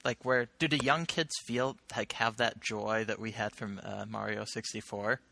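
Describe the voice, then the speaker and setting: A man's voice: lowish voice, fairly even intonation, moderate pace, vocal fry, pushed and bright, no room sound. A young man co-hosting a casual podcast, thoughtful and a little hesitant. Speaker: podcast co-host. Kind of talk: casual chat about video games.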